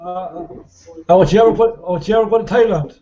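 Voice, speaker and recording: A man in casual chat who talks haltingly, often stammering and restarting. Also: high voice, mellow. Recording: dull lo-fi audio with faint noise.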